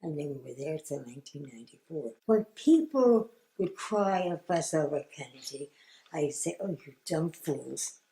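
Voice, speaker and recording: An older woman with a low, mellow voice tells family memories in a halting, reflective way, often sinking into a near whisper. The recording carries a roomy echo. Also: very animated. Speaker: grandmother recalling family history. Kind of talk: oral history interview.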